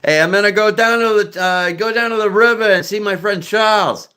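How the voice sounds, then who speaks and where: A man puts on an easygoing Boston voice that leaves the R's off. It sits well above his usual pitch. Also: brisk, sharp tone, clear, resonant tone. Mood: casual. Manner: dropped R's.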